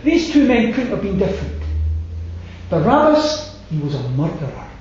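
A man preaching a sermon, slow and emphatic, letting his phrases fall away to a hush. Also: high-pitched, sing-song, slight background noise. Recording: very echoey hall, slightly dull sound.

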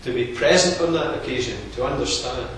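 A man delivers a sermon in a measured, earnest way, explaining the text point by point. His voice sits at an everyday pitch and carries a heavy echo. It sounds recorded from a distance in a large hall, with faint room noise underneath. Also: a bit bright. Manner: measured, earnest expository preaching. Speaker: preacher.

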